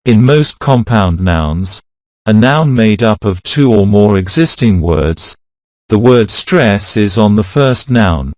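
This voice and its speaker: Guy reading an english lesson real slow, lowish voice, dry close sound. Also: dry recording. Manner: slow, even reading of rules and word lists. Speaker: pronunciation teacher. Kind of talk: scripted lesson narration.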